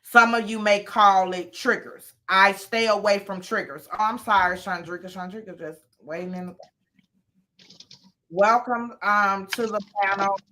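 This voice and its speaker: A woman hosting a casual live chat from home, talking easily with frequent ums and pauses. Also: medium pitch, fairly even intonation, bright, forceful tone.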